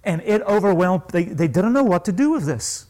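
A male preacher with a high voice that leaps up and down, delivering a sermon. He is emphatic and asks the congregation questions, dropping into low asides before climbing to ringing stresses. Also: very animated, normal speed, dark tone, low-quality recording.

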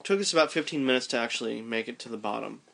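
A man casually recounting a descent down a mine shaft, animated and restarting his sentences as he thinks aloud. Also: medium pitch, rapid-fire, gravelly. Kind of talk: casual storytelling chat.

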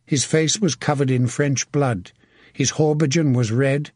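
A man reading an audiobook in a steady, measured storytelling manner. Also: medium pitch, slightly rough, no room sound, studio quality. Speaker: narrator. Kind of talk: audiobook narration.

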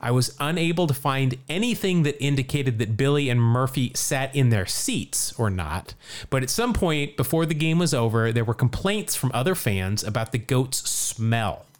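Jokey, lively-voiced man telling a story. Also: medium pitch, normal speed. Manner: jokey, chatty, laughs often. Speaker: podcast host. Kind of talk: casual podcast storytelling.

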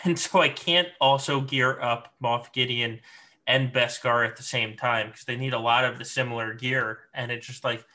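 A man's voice: medium pitch, sharp tone. A man co-hosting a gaming podcast, chatting casually in an easygoing, rambling way with lots of fillers. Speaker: podcast co-host.

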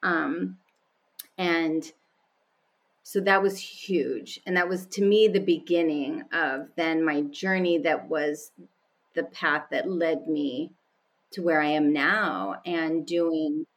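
A woman's voice: low-pitched, fairly even intonation, slow. A woman guest speaking candidly and with animation, telling personal stories in conversation and laughing often. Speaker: podcast guest.

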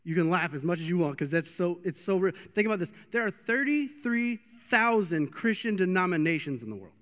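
A man's voice: sits high, a little fast. A young man preaching a casual, joking sermon with lots of restarts, in a church hall. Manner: animated, joking, with many restarts. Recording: long hall reverb.

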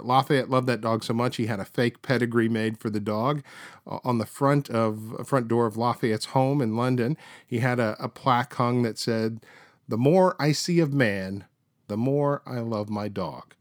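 A man's voice: medium pitch, no room sound, studio quality. A middle-aged man hosting a podcast, telling stories in a chatty way full of fillers and restarts. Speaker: podcast host. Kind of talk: casual storytelling.

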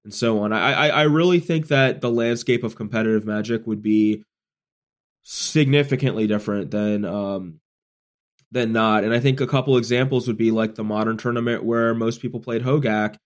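A man with a sick, rough-edged voice talks through his ideas in a casual podcast chat. He builds long, thoughtful explanations and often restarts his sentences. His pitch sits in the middle of the usual range for a man. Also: steady tone, moderate pace. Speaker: podcast co-host, tournament player.

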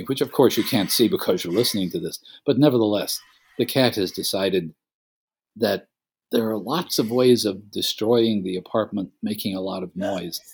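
A man co-hosting a casual podcast from his apartment, rambling gently with restarts and joking asides. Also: lowish voice, breathy edge. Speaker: podcast co-host. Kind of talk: casual chat. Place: apartment at home.

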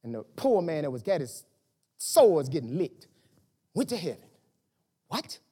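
A man preaching a sermon as pastor, asking rhetorical questions and breaking into shouts. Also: fairly high pitch, very animated, unhurried, breathy edge.

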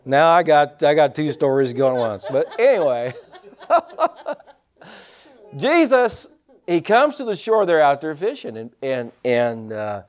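A male pastor preaching with a fairly high voice that swings widely in pitch. He tells his stories with animated energy, stumbles and repeats himself, laughs at his own mix-ups, and keeps asking the congregation questions. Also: slow pace, long pauses. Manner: animated storytelling with laughs and repetitions; draws congregation responses with questions. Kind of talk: sermon.

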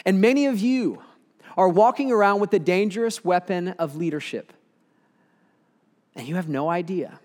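A man delivers a sermon in a casual, storytelling manner, joking with the crowd as he goes. His voice sits a little higher than most men's. The sound carries a long hall reverb, as if from a large church auditorium. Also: normal speed, pauses often. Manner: conversational storytelling with humor. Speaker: preacher.

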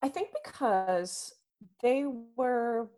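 A woman in her thirties, from the United States, co-hosting a casual chat and telling jokey, animated stories. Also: fairly high pitch, drawn-out words. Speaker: podcast co-host.

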